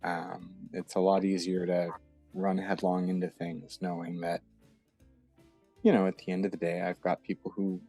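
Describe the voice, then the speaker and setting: A man's voice: low-pitched, monotone, normal speed, creaky, dark tone, slightly rough, faint music behind. A man in his thirties from the eastern United States, a guest chatting casually in an interview, hesitant with many ums and restarts.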